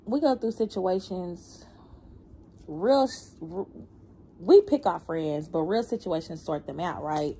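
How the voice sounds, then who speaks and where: Animated slangy woman tarot reader. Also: on the low side, slow pace, slight background noise. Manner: animated, slangy, laughing and humming between lines. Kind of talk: casual spiritual reading.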